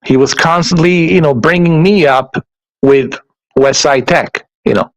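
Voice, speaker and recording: A man ranting casually to his viewers, animated and profane, often repeating himself. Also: fairly high pitch, a little slow, dry recording, poor audio. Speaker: YouTuber.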